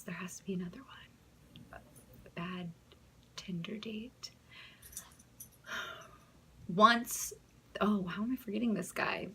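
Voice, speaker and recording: A woman's voice: mid-range voice, fairly bright tone, slightly rough. A young American woman telling her own stories to the camera in a casual, chatty way, giggling, trailing off and restarting her sentences. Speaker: vlogger.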